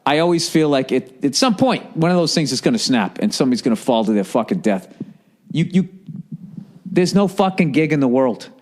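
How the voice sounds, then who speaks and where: Man, forties, casual podcast monologue, profane, lively pitch. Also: brisk. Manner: animated, profane, rambling. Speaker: podcast host.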